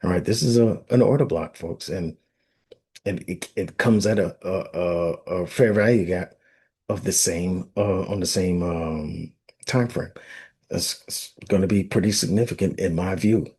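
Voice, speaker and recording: Casting: husky, lowish male host, loose and rambling market-chart talk, often asks if viewers understand. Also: unhurried, a little mellow. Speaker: forex analyst host. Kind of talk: casual chart walkthrough.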